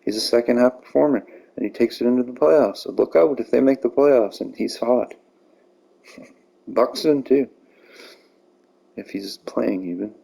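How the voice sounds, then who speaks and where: A man's voice: medium pitch, a little slow, gravelly, pauses often, mellow, rough recording. A man giving casual, profane commentary while playing a baseball video game, ranting and getting heated over calls.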